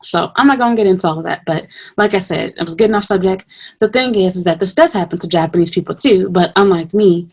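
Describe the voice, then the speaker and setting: A woman's voice: on the low side, quick pace, darkish tone, slightly rough. A young woman vlogger talking at home in a blunt, heated, profane rant to her viewers. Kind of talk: ranting vlog monologue.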